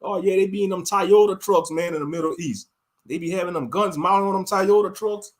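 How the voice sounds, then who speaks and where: A man in his thirties holds forth on a casual livestream, his voice sitting noticeably high for a man. He rants bluntly and profanely, rambling from point to point and calling his viewers family. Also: fairly quick. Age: 30s. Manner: addresses viewers directly as family. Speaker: livestream commentator.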